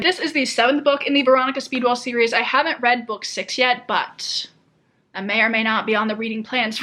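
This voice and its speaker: A woman's voice: fairly high pitch, sharp tone. A young woman chatting casually as a book vlogger, gushing and laughing often, with lots of "like". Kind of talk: casual chat.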